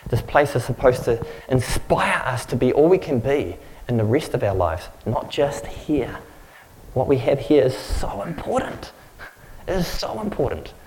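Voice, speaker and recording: A man's voice: medium pitch, a little mellow, a little hiss or hum, low-quality recording. A man giving a sermon as a pastor, telling a story in a rambling, conversational, self-mocking way. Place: church.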